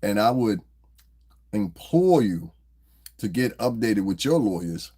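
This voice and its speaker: A man's voice: fairly low pitch, very animated, slow, warm tone, slightly rough. A man hosting a podcast, talking loosely and profanely as a laughing storyteller. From New Jersey. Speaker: podcast host. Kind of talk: casual commentary monologue.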